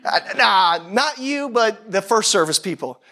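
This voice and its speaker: High-voiced man preaching a conversational sermon. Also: lively intonation, measured pace, sharp tone. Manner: conversational preaching with repeated phrases. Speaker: pastor.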